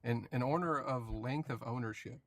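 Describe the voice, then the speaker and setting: A man's voice: medium pitch, moderate pace, dry recording. Assertive man arguing on a debate panel. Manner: assertive, piles on facts and figures. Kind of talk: casual debate argument.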